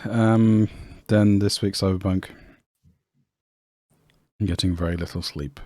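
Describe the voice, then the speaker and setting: Male podcast co-host, low voice, playful, dry close mic. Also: steady tone, measured pace, mellow, no echo. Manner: enthusiastic, laughs easily, mock-serious. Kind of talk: casual chat.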